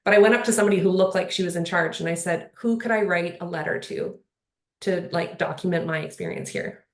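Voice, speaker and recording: A woman's voice: lowish voice, brisk. Earnest rambling woman in a roomy hall. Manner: earnest, rambling, many fillers like "like" and "you know". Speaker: panel speaker. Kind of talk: casual panel conversation. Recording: roomy echo.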